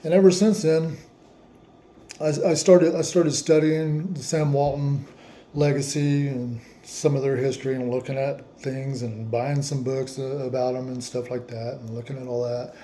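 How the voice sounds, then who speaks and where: A man's voice: medium pitch, steady tone, moderate pace, dark tone, a little hiss or hum. A man telling a long personal story in a casual, rambling way, often restarting his sentences. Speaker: vlogger.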